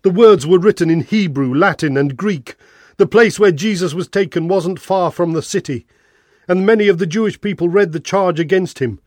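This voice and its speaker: A man narrating a Bible reading in a clear, expressive way. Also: sits high, moderate pace, dry recording.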